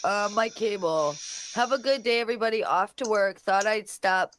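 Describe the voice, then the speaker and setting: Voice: medium pitch, normal speed, a bit bright, no echo. A solo livestream host reading chat comments aloud and answering them in a blunt, profane, combative way. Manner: talks back to chat comments directly.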